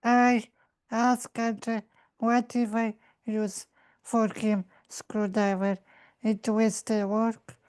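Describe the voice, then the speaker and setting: A woman, an English speaker, playing a character in a tabletop game with halting, simple phrasing. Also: on the high side, flat delivery, a little mellow, smooth. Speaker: player.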